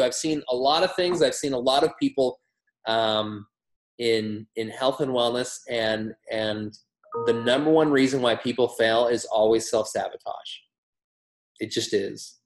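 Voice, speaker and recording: A man leads a motivational training session, keeping it energetic, emphatic and laced with humor. His voice sits mid-range and carries a noticeable echo from a roomy space. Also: mid-range voice. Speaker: wellness product trainer.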